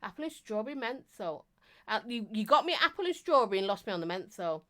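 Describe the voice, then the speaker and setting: A woman's voice: on the high side, very animated, quick pace. A middle-aged woman, chatting on a live stream as she reads out viewer comments, teasing and talking non-stop with bursts of laughter. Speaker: vape reviewer and live streamer.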